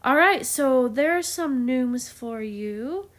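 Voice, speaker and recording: A woman with a somewhat high voice teaches chant in a casual, chatty way. She is openly enthusiastic and playful about the material. She talks with plenty of fillers and little laughs. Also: animated, slow pace. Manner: enthusiastic, playful, self-described geek. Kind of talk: casual explanatory lesson.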